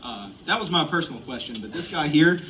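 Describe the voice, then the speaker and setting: A man in the audience rattles off eager, half-joking questions, his pitch jumping around with lively swings. He sounds far from the mic. Thick noise sits around him in this distant audience recording. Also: a little fast. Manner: eager, joking, hesitant with fillers. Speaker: audience member asking questions.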